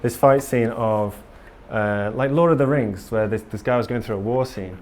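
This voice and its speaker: The recording carries a little hiss or hum as a conference speaker talks at normal speed in a medium-pitched, slightly mellow voice. His casual talk to a live audience in a conference room is earnest and rambling, with frequent ums and restarts.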